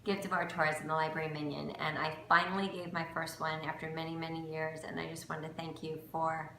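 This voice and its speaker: A woman with a very low voice speaks sincerely and encouragingly. Her words carry an echoey room sound over a faint hiss. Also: level tone, a little fast, vocal fry, fairly bright tone. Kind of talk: heartfelt thank-you message.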